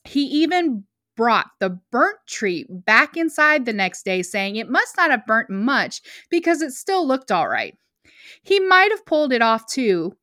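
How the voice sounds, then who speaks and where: A young woman co-hosts a podcast, reading a story aloud and then chatting in an emotional way that easily turns choked up. Her voice sits fairly high and sounds bright and clear. The sound is close and dry. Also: no echo. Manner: emotional, choked up, laughs often. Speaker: podcast co-host.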